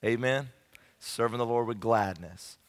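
An evangelistic preacher addresses young campers in a big meeting room. His voice sits in an ordinary mid range and carries a long hall reverb. He mixes warm exhortation with animated, folksy storytelling. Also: medium pitch, unhurried. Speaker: camp preacher. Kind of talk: evangelistic sermon with humorous storytelling. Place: large camp meeting room.

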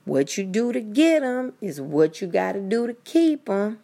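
A woman's voice: medium pitch, sing-song, measured pace, creaky, mellow. A woman giving a blunt, profane, preachy rant straight to her listeners in casual podcast style. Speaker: commentator.

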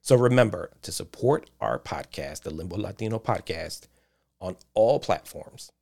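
A male podcast host reads a short scripted introduction in an announcing style. His voice sits low and has a gravelly fry. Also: animated, normal speed, a little mellow.

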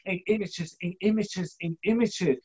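Halting, repetitive speaker telling a vision story. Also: mellow, husky, lo-fi sound. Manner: halting, repeats words for emphasis; acts out quoted dialogue with shifting pitch. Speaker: guest telling a personal story. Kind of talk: emotional personal testimony.

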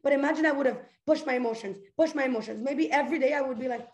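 A woman's voice: high-pitched, very fast, a little mellow. A young woman hosting a casual motivational talk, goofy and earnest, talking in a loose stream full of "like" and restarts. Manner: goofy, chatty, earnest, fillers like "like". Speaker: host. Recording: echoey room.

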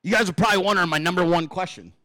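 Male show host, high lively voice, dry close sound, rambling, profane, excitable. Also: very fast, dry recording. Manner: excitable, profane, rambling with many fillers and laughs. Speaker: podcast host. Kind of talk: casual solo talk show.

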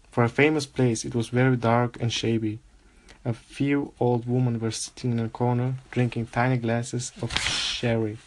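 A man reading a novel aloud in a steady, unhurried way. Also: mid-range voice. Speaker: reader.

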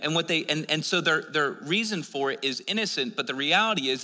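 A man's voice: medium pitch, gravelly, pushed and bright. A man preaching a sermon, telling stories in a conversational way with many restarts. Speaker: pastor. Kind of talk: sermon with storytelling. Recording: long hall reverb.

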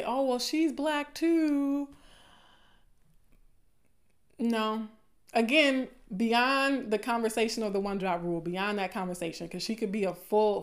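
A woman with a Southern accent giving casual, impassioned commentary to her viewers, repeating phrases for emphasis. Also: mid-range voice. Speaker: video commentator.

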